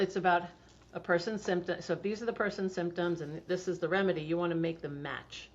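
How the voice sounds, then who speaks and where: A middle-aged woman with a slightly low voice tells stories in a relaxed, chatty way and uses plenty of fillers. The recording sounds dull and lo-fi. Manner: chatty storytelling, laughs often, frequent fillers. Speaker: homeopathy practitioner, guest. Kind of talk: casual interview talk.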